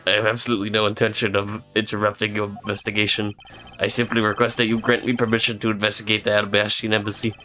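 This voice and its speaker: A man's voice: lowish voice, flat delivery, fast talker, bright, forceful tone, faint music behind, voice pushed down. A man reading a stiff, formal prosecutor. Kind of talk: game dialogue read aloud.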